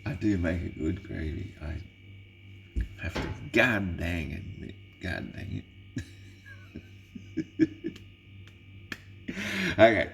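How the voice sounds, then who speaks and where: A man's voice: sits low, extremely slow, vocal fry, pauses often, soft background music. A man rambling in a casual vlog monologue, swearing constantly and chuckling, with a mock-exasperated, slightly tipsy manner. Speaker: vlogger.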